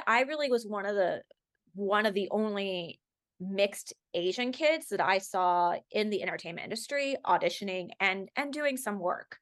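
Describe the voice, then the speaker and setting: A woman from Los Angeles, a guest on an interview podcast, speaking emphatically and acting out what others said to her. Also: medium pitch. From Los Angeles, USA. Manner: emphatic storytelling, acting out quoted remarks. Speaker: podcast guest, actor and activist. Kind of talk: conversational interview.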